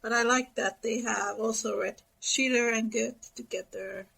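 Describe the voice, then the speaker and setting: A woman's voice: on the high side, fairly even intonation, unhurried, creaky, a bit bright, husky, poor audio. A woman guest chatting casually and reflectively about books. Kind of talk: casual chat.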